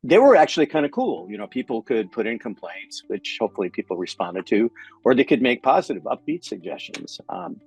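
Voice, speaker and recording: A man co-hosting a casual business podcast, telling stories in an animated way and acting out the lines of the people he quotes. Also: mid-range voice, a little fast, husky, no echo, soft background music. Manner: animated storyteller, acts out quotes, swears casually. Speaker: podcast co-host.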